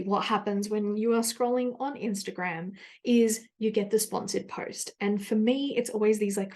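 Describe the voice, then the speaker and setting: A woman's voice: mid-range voice, darkish tone. An Australian woman hosting her own podcast, talking through a personal story. She rambles and drifts into tangents, acting out her own thoughts as she goes. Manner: chatty, rambling with tangents and self-quotes. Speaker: podcast host.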